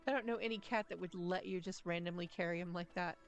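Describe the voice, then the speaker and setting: A woman's voice: fairly low pitch, fast talker, soft background music. A woman streamer giving casual, giggly, chatty commentary while playing a game.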